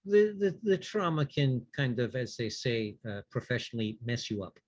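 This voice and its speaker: A man voicing a calm vampire character who patiently questions a ghost with a dry sense of humor. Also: medium pitch, moderate pace, dry recording, dull audio. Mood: probing. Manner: patient, probing, dry wit.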